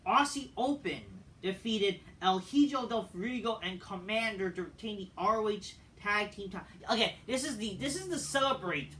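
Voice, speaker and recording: A man ranting through a wrestling show review, swearing and venting his frustration. His voice sits high and sounds sharp and forceful. He is a little distant from the mic, with a faint hiss behind him. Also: animated, normal speed, few pauses. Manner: profane, exasperated ranting.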